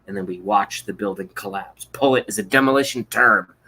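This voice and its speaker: A man's voice: on the low side, brisk, bright, forceful tone, slightly rough, rough recording. A man hosting a livestream, delivering an angry, profane political rant with contempt. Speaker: livestream host.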